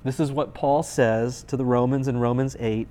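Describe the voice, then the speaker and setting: A man's voice: medium pitch, fairly even intonation, moderate pace, dark tone, a little hiss or hum. A man in his thirties, a pastor giving a conversational sermon with playful, dry humor.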